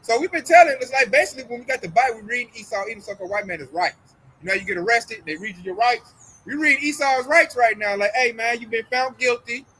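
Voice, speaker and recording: A man's voice: extremely high pitch, animated, fast, bright, forceful tone, a little hiss or hum, low-quality recording. A man talking casually about religion as a host, emphatic and full of slang, acting out the voices of people he quotes.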